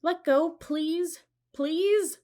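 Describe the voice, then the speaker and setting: Woman putting on a bold little girl in a storybook, high squealing voice, excited, lively. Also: fairly quick. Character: eager, bold young girl.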